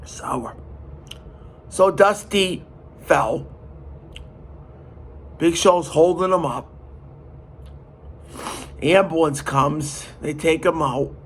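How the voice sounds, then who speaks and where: A man hosting a podcast, retelling a story in an animated, emphatic way. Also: fairly high pitch, extremely slow, long pauses, slight background noise. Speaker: podcast host. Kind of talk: casual storytelling.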